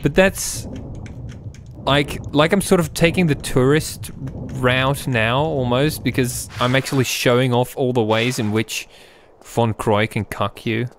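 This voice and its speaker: A man with an Irish accent chatting casually while playing a retro game, cursing and shouting at it. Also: medium pitch, a little slow, a little hiss or hum. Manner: sweary, excitable outbursts while playing. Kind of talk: casual gaming chat.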